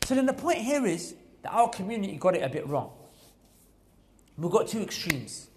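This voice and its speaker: High-voiced emphatic male mosque preacher. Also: very animated, moderate pace, a little hiss or hum. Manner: emphatic, repetitive, rising to loud exhortation. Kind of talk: mosque talk. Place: mosque hall.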